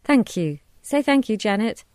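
A woman's voice: a little high, very animated, normal speed, a little mellow, no room sound, studio quality. A woman reading a polite, uncertain mother. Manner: polite, hesitant. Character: anxious polite mother visiting a village. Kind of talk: storybook reading.

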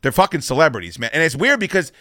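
A man's voice: on the high side, sing-song, fast talker, bright, forceful tone, no room sound. A middle-aged man hosting a radio show, talking casually in a rambling, profane way.

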